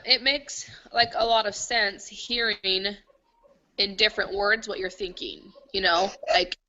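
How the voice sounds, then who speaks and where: A woman's voice: medium pitch, bright, forceful tone, muffled recording, a little hiss or hum. A woman in a team coaching group sharing her thoughts in a rambling way over a video call. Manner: rambling, with many fillers and restarts. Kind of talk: casual group discussion.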